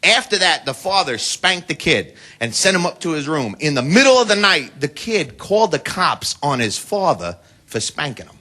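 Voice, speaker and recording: An American man doing a stand-up comedy routine, brash and profane, telling stories with shouted impressions. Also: on the high side, big pitch swings, moderate pace. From United States. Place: comedy club stage before a live audience. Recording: live club recording, loud crowd and noise. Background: audience laughter and applause.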